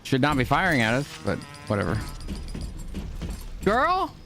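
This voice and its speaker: A man streaming a horror game live, exasperated and swearing, repeating words in rapid bursts. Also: mid-range voice, huge pitch swings, sharp tone, soft background music. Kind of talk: live gameplay commentary.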